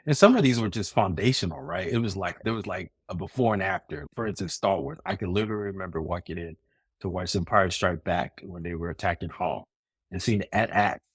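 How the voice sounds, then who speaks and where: A man's voice: low-pitched, fairly quick, slightly rough, no room sound, clean studio sound. A man co-hosting a podcast in casual chat, reflective and rambling, laughing often. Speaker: podcast co-host.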